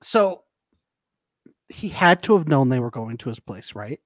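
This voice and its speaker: A man's voice: medium pitch, measured pace, no room sound. A man co-hosting a casual podcast, playfully recapping a reality show with frequent laughter. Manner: animated, playful, laughs often. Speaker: podcast co-host.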